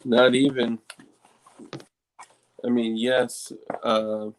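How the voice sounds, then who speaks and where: A man's voice: medium pitch, level tone, very slow, slight background noise, low-quality recording. A man co-hosting a casual podcast, talking in a rambling, restart-filled way with frequent swearing. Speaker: podcast co-host. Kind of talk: casual chat.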